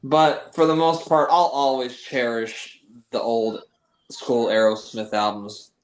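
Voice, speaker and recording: A man's voice: medium pitch, level tone, slow pace, roomy sound, low-quality recording. A man co-hosting a podcast in casual chat, joking and exasperated.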